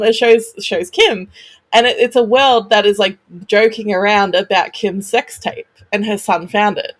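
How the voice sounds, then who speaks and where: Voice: mid-range voice, steady tone, a bit bright. An Australian podcast co-host talking casually, rambling and filling sentences with "like". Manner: rambling, full of "like", quick bursts.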